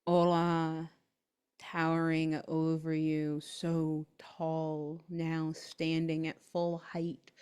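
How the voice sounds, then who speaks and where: Woman game master, slow hushed delivery, lowish voice. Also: clean tone. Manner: slow, soft, hushed narration. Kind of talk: narrating a tabletop horror game.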